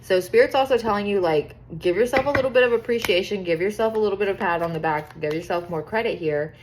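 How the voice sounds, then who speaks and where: A young woman giving a casual tarot reading to her viewers, chatty and excitable, swearing freely and reading card texts aloud. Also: mid-range voice, fast, a little hiss or hum. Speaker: tarot reader.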